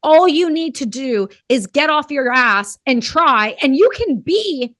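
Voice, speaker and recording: A woman's voice: sits high, animated, unhurried, fairly bright tone, no echo, clean studio sound. A woman hosting a podcast interview, who talks bluntly and emphatically and swears casually. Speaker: podcast host.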